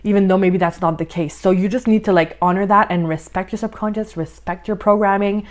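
Her mid-range voice holds a steady tone as she moves fairly quickly with hardly any pauses. This woman, a life coach, guides listeners through a podcast lesson warmly and encouragingly, leaning on "like" as a filler and sounding slightly breathless.

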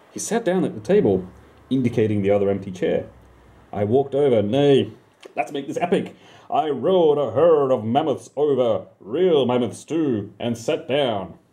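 A man's voice: lowish voice, dark tone. A man telling an absurd comic story about himself in the first person, rambling, swearing and talking back to his listeners.

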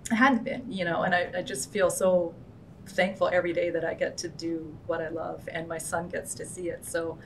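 A woman artist with a lowish voice speaks earnestly about her path, thoughtful and sincere. A faint rumble sits under the recording. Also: flat delivery, normal speed, low-quality recording. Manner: earnest, reflective. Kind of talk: casual panel conversation.

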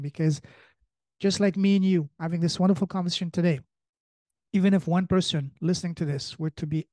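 A man hosting a podcast conversation, speaking in a halting, motivational way as he searches for words. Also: a little high, warm tone, dry recording. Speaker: podcast host.

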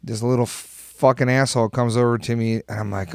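A man, a podcast guest telling stories in casual chat, animated and swearing freely as he acts out what people said. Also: medium pitch, fairly quick, gravelly, clear, resonant tone, no echo, clean studio sound.

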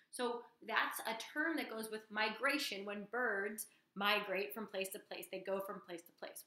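Bright-voiced woman teacher reading aloud. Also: medium pitch, echoey room, low-quality recording. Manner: lively storyteller, questions to listeners. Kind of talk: read-aloud lesson.

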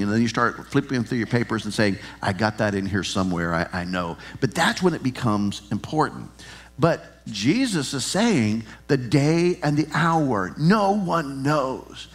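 A middle-aged male pastor preaches with an easy, humorous storytelling manner. His voice sits in a middle register but swings widely up and down as he acts out the characters in his stories. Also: medium pitch. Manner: animated storytelling, acts out dialogue. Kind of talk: sermon.

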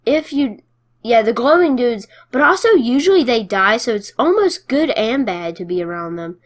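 A woman giving casual gameplay commentary, playful and excitable, cheering her wins and taunting the other players. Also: on the high side, normal speed.

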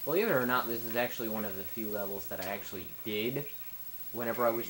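A young man rambling goofily through a let's play, stammering and yelling at the game. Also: fairly low pitch, fast talker, low-quality recording. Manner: goofy, rambling, stammers, yells at enemies. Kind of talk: casual gameplay commentary.

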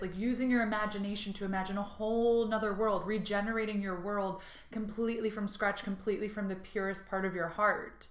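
A woman's voice: medium pitch, steady tone, moderate pace. A woman giving an intuitive card reading to her viewers. She talks in a bubbly, gushing way, with frequent laughs and fillers. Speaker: tarot and intuitive card reader. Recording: roomy echo.

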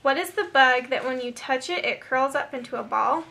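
Young woman vlogger, high bright voice, chatty and upbeat, talks to her viewers. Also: lively intonation, moderate pace, creaky. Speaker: beauty vlogger. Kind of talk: casual to-camera vlog reading a word list.

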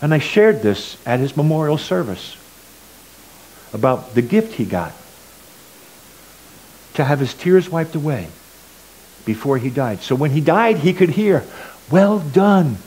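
A man of middle age stands before a church and shares his testimony. His voice sits at an ordinary middle pitch, and he tells his story earnestly, rising loud and then dropping quiet again. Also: sing-song, unhurried, pauses often, breathy edge, low-quality recording. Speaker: church speaker giving a testimony. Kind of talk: sermon testimony.

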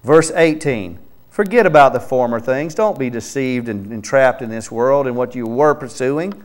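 Emphatic male preacher with a smooth voice. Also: mid-range voice, animated, moderate pace. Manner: reads scripture aloud with his own name inserted, then comments; emphatic, rising to loud exhortation. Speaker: pastor. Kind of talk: sermon. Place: church sanctuary.

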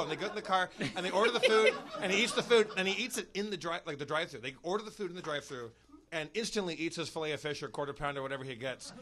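A man's voice: fairly high pitch, rapid-fire, crowd noise. A man telling a story on a podcast in a casual way, acting out the people he quotes. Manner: animated, acts out quotes. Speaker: podcast guest.

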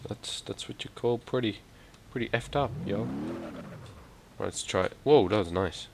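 A young man commentates on his gameplay, energetic and excitable and swearing freely. His voice sits low, with loud game engine and crash noise behind him. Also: normal speed, creaky. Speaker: gaming YouTuber.

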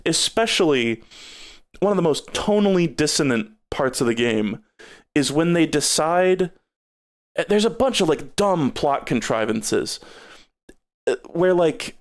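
A man's voice: on the high side, lively intonation, unhurried, long pauses. A man streaming a game review, talking casually with lots of swearing and exasperated sarcasm.

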